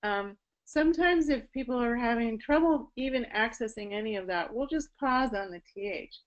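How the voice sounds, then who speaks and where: A woman's voice: a little high, normal speed, highs cut off. A woman voice teacher explaining singing technique in an online presentation, speaking through a video call. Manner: explanatory, with sung and spoken demonstrations.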